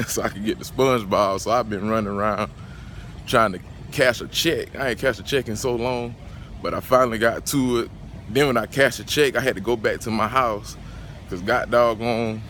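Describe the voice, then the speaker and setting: A man's voice: on the low side, fairly bright tone, slight background noise. A man with a Southern US accent ranting in a casual sneaker vlog from his car, agitated, slangy and profane. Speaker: sneaker vlogger.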